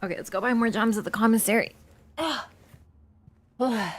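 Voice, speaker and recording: A woman's voice: mid-range voice, fairly even intonation, rapid-fire. A woman game streamer in casual live-stream chat, playful and chatty, talking to her cat between lines and laughing easily. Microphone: wearing an earbud headset.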